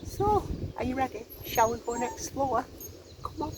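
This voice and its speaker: A woman's voice: sits high, animated, normal speed, very noisy. A woman in her fifties chatting to the camera as she hikes outdoors, asking her viewers questions as she goes. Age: 50s. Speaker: solo hiking vlogger. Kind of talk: casual walking vlog talking to camera. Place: outdoors on a countryside hike. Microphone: handheld camera held while walking.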